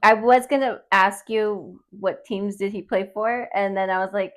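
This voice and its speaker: A woman's voice: mid-range voice, steady tone, a little slow. A woman hosting a podcast in casual chat, laughing easily and tossing in short teasing replies. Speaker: podcast host.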